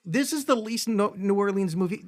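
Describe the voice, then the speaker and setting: A man's voice: sits high, animated, normal speed. A man co-hosting a podcast, casually ranting about a film with sarcastic jokes. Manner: sarcastic, joking rants. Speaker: podcast co-host.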